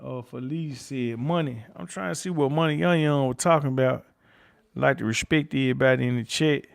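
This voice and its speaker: A man's voice: medium pitch, a little fast, creaky. A middle-aged man with a Memphis Southern accent, hosting a livestream, chatting loosely, reading out viewer comments and repeating himself. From Memphis, Tennessee. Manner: loose, rambling, repeats himself, curses freely. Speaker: livestream host.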